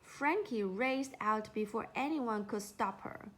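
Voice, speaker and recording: A woman narrating a children's storybook in an unhurried, expressive way. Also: fairly high pitch.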